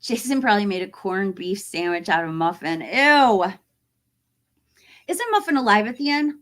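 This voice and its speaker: A woman in her forties chatting casually to camera as a horror YouTuber, animated and acting out other people's voices as she tells a story. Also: mid-range voice, moderate pace. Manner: animated, acts out quoted voices.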